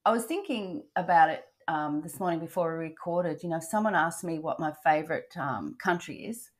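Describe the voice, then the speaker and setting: An older Australian woman with a low-sitting voice hosts a travel podcast, chatting in an upbeat, animated, brisk way. She uses lots of fillers and often restarts her sentences.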